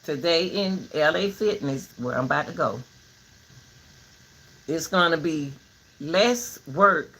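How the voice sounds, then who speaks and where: An older woman talking casually to her viewers in a vlog, giving folksy, preachy advice in an animated way. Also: deep voice, slow pace, pauses often, slight background noise, poor audio. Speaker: vlogger.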